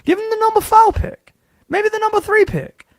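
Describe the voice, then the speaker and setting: A radio host putting on an excitable male conspiracy theorist with a showy put-on Southern US accent. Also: extremely high pitch, moderate pace, no room sound, clean studio sound, pitched above the performer's own voice. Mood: insistent. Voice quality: drawling, showy, rising and falling wildly. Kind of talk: comic put-on voice on sports talk radio.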